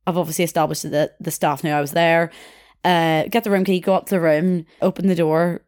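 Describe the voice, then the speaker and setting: A woman's voice: fairly low pitch, fairly even intonation, a little fast, darkish tone, no echo, studio quality. A young woman chatting in a rambling way, telling a story and laughing as she goes. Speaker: podcast host. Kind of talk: casual storytelling.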